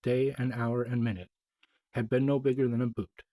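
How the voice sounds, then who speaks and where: A man reading a children's story aloud in a measured, gently dramatic way, as a storyteller. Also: medium pitch, level tone, no echo, low-quality recording.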